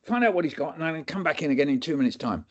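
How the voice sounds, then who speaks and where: A man voicing an excitable older male hospital consultant, booming and theatrical as he lectures students. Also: very fast, lightly acted. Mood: excited. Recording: dull lo-fi audio.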